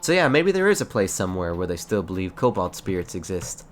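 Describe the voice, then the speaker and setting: A man's voice: sits low, sing-song, a little fast, faint music behind. A man streaming a fantasy game late at night, chatting casually and playfully, rambling and talking to himself as he plays.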